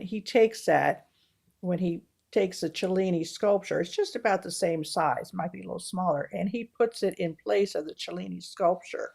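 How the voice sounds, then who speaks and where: A woman co-hosting a casual film review chat, retelling movie scenes with animated storytelling. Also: lowish voice, creaky. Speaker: podcast co-host.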